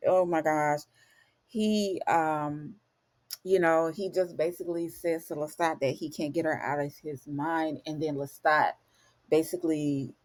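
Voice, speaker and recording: A woman with a notably low, deep voice talks through an episode recap for her viewers. She sounds chatty and emotional, filling her retelling with fillers and asides addressed straight to the audience. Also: darkish tone. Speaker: show recap vlogger. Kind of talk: casual spoken episode recap.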